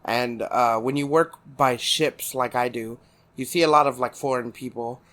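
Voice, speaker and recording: A man's voice: mid-range voice, fairly even intonation, normal speed, a bit bright. A man from South Texas, co-hosting a podcast in casual chat and telling meandering anecdotes. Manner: laid-back, meandering anecdotes. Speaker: podcast co-host.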